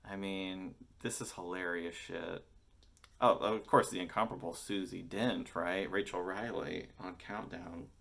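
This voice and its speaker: American man in his thirties, deep voice, rambling enthusiastic vlogger who curses a lot. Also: fairly even intonation, a little slow, creaky, a bit bright. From United States. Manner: enthusiastic, rambling, swears often. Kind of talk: casual chat to camera.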